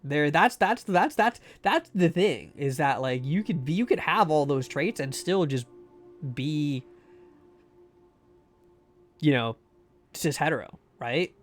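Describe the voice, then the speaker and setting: A man's voice: fairly high pitch, lively intonation, slow, pauses often, soft background music. A man streaming a game live, rambling and joking with many fillers and restarts. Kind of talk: casual live-stream chat.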